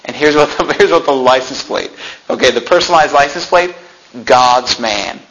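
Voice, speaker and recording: A man's voice: fairly high pitch, a little fast, a bit bright, muffled recording. A man preaching a sermon as pastor, talking conversationally, often laughing and acting out complaining voices.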